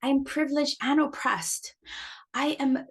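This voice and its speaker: A middle-aged woman, an astrologer hosting her own podcast, talking frankly and with passion in a personal monologue, cursing, restarting phrases and jumping up sharply in pitch for emphasis. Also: a little slow.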